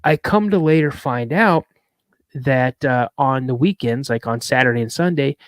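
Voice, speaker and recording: Male co-host, casual anecdotal storyteller, mid-pitched, dry sound. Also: normal speed, no room sound. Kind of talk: casual chat on a live show.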